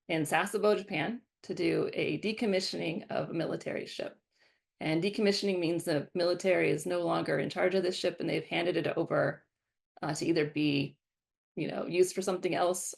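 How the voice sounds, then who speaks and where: A woman's voice: lowish voice, gravelly. A woman in her twenties from the American Midwest, giving a guest lecture and telling stories from her working life. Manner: storytelling, animated quoting of past self. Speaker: guest speaker. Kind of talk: lecture talk.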